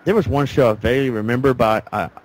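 A man hosting a casual talk show, rambling through stories and acting out what people said. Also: fast. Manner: rambling storyteller, acts out quotes. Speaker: podcast host. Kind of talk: casual chat. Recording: faint background noise, low-quality audio.

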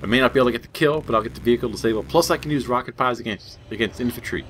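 A man's voice: medium pitch, very fast, a little hiss or hum. A young man giving casual gameplay commentary, rambling and jokey, laughing at his own asides. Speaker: gaming channel host.

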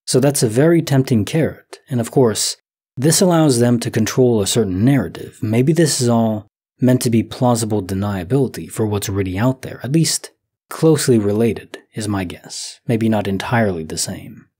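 Calm guy in his 30s thinking out loud, soft and slow, kinda breathy mellow voice. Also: fairly low pitch. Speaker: sleep story narrator. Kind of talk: calm musing commentary on listener stories.

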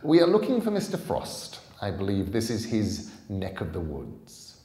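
A man's voice: low-pitched, huge pitch swings, measured pace, gravelly, mellow, reverberant, heavily acted. A man reading a storybook aloud and voicing a suave, falsely polite white-haired older man. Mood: smooth.

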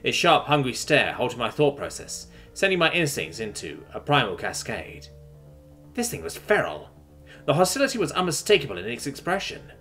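A man's voice: medium pitch, huge pitch swings, normal speed, a bit bright, soft background music. A man narrating a sci-fi story in a tense, dramatic reading.

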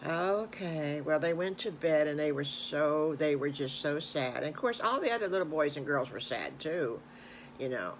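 An older woman, a grandmother, making up a bedtime story as she goes in a homespun, meandering way, growing animated at its emotional moments. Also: deep voice, normal speed, slight background noise.

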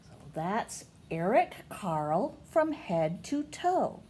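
A middle-aged woman teacher, reading picture books aloud to young children in a slow, sing-song way. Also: sing-song, dark tone, a little hiss or hum. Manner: slow, sing-song, with big pitch swings on questions.

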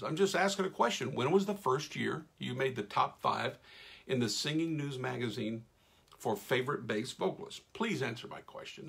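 A man's voice: on the high side, creaky, bright, forceful tone, husky. A middle-aged man, hosting a casual live stream, reading out viewers' names and chatting with folksy enthusiasm as his voice wears thin. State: losing his voice. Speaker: radio host reading live comments.

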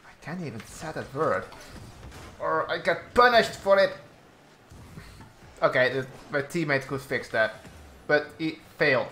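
Slow-talking man commentating gameplay. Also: a little high, animated, bright, forceful tone, reverberant, slight background noise. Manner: slow, halting commentary with frequent restarts, exasperated at teammates. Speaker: gaming YouTuber.

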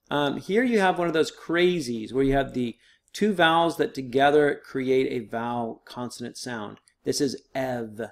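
A man's voice: medium pitch, vocal fry. A man teaching a recorded online lesson, explaining step by step in a casual, patient way with frequent fillers.

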